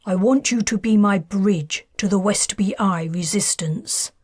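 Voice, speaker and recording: A man's voice: high-pitched, unhurried, a little mellow, husky, dry recording, studio quality. A woman voicing a guarded, bargaining upper-class man who talks in a firm, clipped, controlled way.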